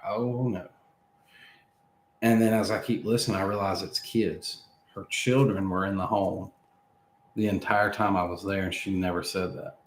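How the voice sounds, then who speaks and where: A man in his thirties with a lowish voice tells a long story, chuckling and acting out the lines of the people in it. The sound has a noticeable roomy echo. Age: 30s. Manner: animated, laughing between lines, acts out quoted speech. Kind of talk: casual storytelling.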